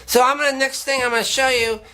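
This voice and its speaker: A man's voice: extremely high pitch, fairly even intonation, fast talker, sharp tone. A man hosting a public access show, talking casually to the camera in a rambling way, often repeating and restarting his words.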